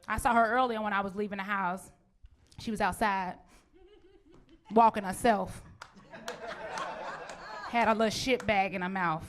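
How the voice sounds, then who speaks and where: A woman in her forties performing a brash, profane stand-up comedy routine with a punchy delivery. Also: sits high. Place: comedy stage.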